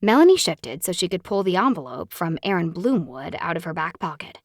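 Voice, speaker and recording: Brief: woman audiobook narrator, animated and expressive, slightly low voice, dry booth sound. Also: brisk, hardly any pauses, no room sound. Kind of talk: scripted romance narration.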